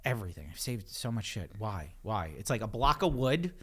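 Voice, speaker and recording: A man's voice: fairly low pitch, big pitch swings, fairly quick, slightly rough. A man, co-hosting a casual podcast chat, rambling and swearing freely. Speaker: podcast co-host.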